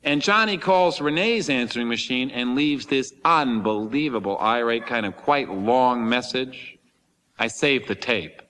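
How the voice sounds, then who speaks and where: A man performing a theatrical storytelling monologue, animated and breathless, slipping into comic voices. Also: mid-range voice, measured pace, long reverb tail, slight background noise.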